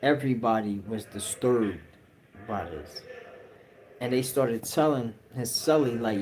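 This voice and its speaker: A man's voice: mid-range voice, unhurried, darkish tone, low-quality recording. A man telling a story on a livestream in a casual, slang-heavy way. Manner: slang-heavy, acts out quotes. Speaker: livestream host.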